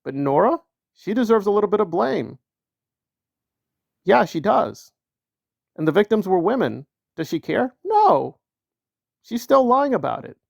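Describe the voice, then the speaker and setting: A man's voice: high voice, very animated, moderate pace, gravelly, pauses often, dry recording, studio quality. A man hosting a solo commentary channel, talking in a heated, emphatic way with lots of repetition and mocking quotes in a raised voice.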